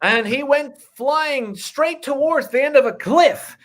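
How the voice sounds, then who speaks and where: A man narrating an improvised comedy story in a mock-grand, deliberate way. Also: very high voice, a bit bright.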